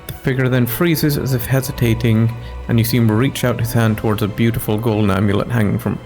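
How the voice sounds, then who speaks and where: A man with a gravelly, creaky voice commentates his playthrough in a wry, amused way. He also reads out the game's text, with faint game music behind him. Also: medium pitch, fairly even intonation, fairly quick, a little mellow, rough recording. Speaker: let's-play host. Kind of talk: casual gameplay commentary and reading game text.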